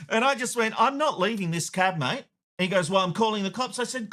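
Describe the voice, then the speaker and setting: A man's voice: sits high, lively intonation, fast talker, pushed and bright. A middle-aged Australian man hosting a TV show, delivering a blunt opinion rant and telling a story with acted-out dialogue. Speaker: TV host.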